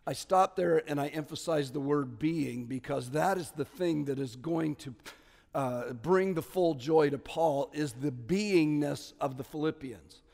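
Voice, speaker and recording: A man preaching a sermon as pastor, stressing key words loudly and dropping to quiet asides. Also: fairly high pitch, unhurried, vocal fry, long reverb tail. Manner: emphatic, swings between loud stresses and quiet asides.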